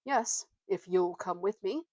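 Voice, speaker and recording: A woman's voice: mid-range voice, slow pace, darkish tone, dry recording. A woman voicing a proud male talking warhorse, haughty and lofty, drawing out her words.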